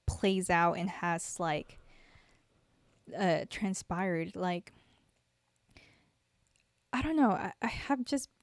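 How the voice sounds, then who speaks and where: A young woman talks unhurriedly on her solo podcast, her voice smooth and clear. She rambles and reflects, circling back with fillers and restarts. The sound is dry and close, with no room around it. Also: medium pitch, no echo. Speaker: podcast host. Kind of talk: casual solo podcast talk.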